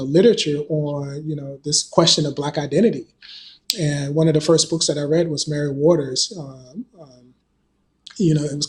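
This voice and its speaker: A man from North Carolina who works as a college professor, answering an interview question in a thoughtful way with many "you know" fillers. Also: a little high. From North Carolina, USA. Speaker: professor and guest.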